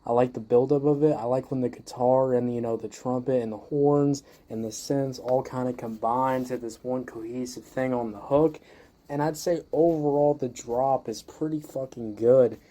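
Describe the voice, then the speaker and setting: A man's voice: medium pitch, steady tone, moderate pace, dark tone. A man hosting a music review show, ranting heatedly and swearing constantly while he judges a song. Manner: heated, swears constantly, leans on "you know".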